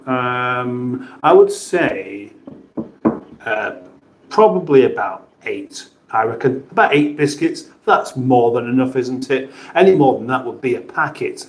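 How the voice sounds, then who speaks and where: A British man hosting a casual livestream, chatting and joking as he reads out viewer messages. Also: medium pitch. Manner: chatty, jokey, playful voices for chat names. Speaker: livestream host reading chat. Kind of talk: casual live chat. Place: home kitchen. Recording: roomy echo.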